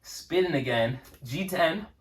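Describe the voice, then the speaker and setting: A man's voice: a little high, lively intonation, slow, distant mic, a little hiss or hum. A young man hosting a casual quiz with a friend, reading lyrics aloud and laughing often. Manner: laughs often, reads lines with mock flair. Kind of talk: casual chat.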